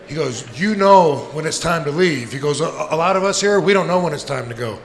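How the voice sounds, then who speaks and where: Animated and quick, a man in his forties with a highish voice tells rambling stories full of profanity and frequent laughs. He's a guest on a live podcast, captured in a venue with long reverb and faint noise.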